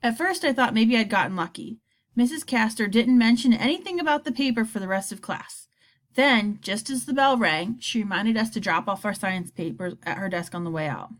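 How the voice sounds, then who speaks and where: A woman reading a children's novel aloud, telling the story in an expressive first-person voice. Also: mid-range voice. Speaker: audiobook reader.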